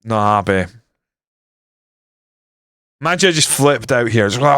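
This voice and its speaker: A man's voice: mid-range voice, expressive, unhurried, a bit bright, smooth, no room sound, studio quality. A young man streaming a football management game, grumbling and swearing casually as he comments on his matches. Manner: frustrated, grumbling, swears often.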